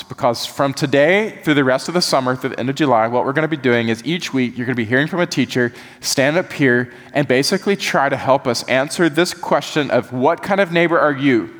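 A man preaching a sermon as pastor, animated and folksy, often dropping his voice soft for emphasis. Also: mid-range voice. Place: church sanctuary. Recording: long reverb of a church hall.

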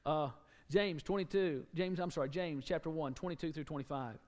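A man preaching a sermon, animated, acting out quotes and joking with the congregation. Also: on the high side, a little fast, few pauses, in a large hall.

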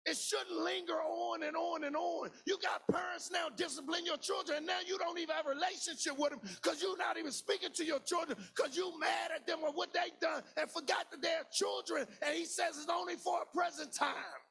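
High gravelly preaching man. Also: steady tone, brisk, hardly any pauses, faint music behind. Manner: preaching with shouted, sing-song cadence and repetition. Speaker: pastor. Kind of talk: sermon.

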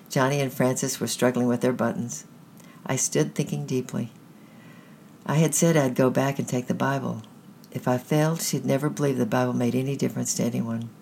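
A storyteller reading a children's story aloud at a measured, gentle pace. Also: medium pitch, gravelly, a little hiss or hum.

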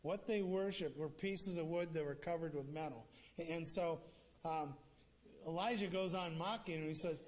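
A man's voice: on the high side, moderate pace. A male preacher retelling a scripture story in a casual, conversational sermon with joking asides.

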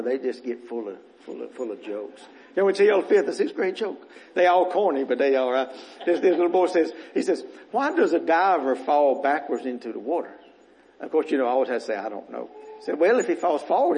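Rough-voiced minister preaching. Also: male voice, a little high, darkish tone, rough recording. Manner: earnest, rambling, repeats words as he restarts. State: voice getting rough. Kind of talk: sermon. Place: church.

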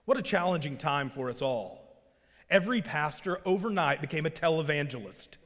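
Preacher, higher voice, long church reverb. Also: male voice, lively intonation, normal speed, fairly bright tone. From Arkansas. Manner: earnest preaching, rising emphasis on key lines. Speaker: pastor. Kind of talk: sermon. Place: church sanctuary.

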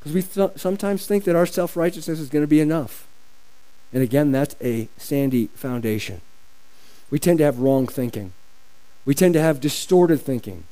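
A pastor preaching a sermon in an emphatic style, repeating phrases for stress. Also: male voice, a little high, animated, normal speed, dark tone, rough recording.

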